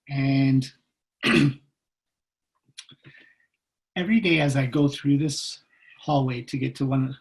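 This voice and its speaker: A man giving a personal storytelling talk as a guest speaker over a video call, lively and humorous, acting out the voices in his stories. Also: medium pitch, low-quality recording.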